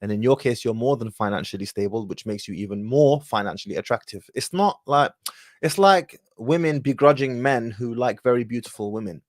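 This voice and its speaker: A man's voice: mid-range voice, fairly quick, dry recording, studio quality. A man hosting an advice call-in show, speaking confidently and directly, with Arabic phrases mixed in. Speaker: host.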